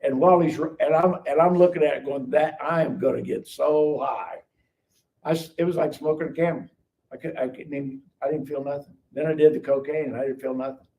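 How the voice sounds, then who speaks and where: A man's voice: fairly high pitch, a little fast. Older man telling his story. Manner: animated storyteller acting out dialogue. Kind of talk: casual testimony storytelling. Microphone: live stream call mic. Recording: distant mic with faint noise.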